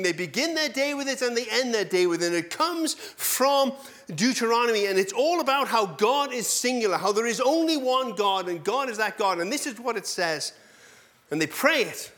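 A male pastor preaching a sermon in an animated, self-deprecating way, full of rhetorical questions. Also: extremely high pitch.

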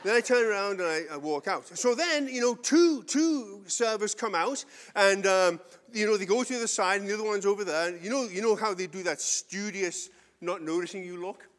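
English pastor telling a story in a reverberant church hall. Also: male voice, high voice, normal speed. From England. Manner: storytelling, conversational, self-mocking humor. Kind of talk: sermon with personal story.

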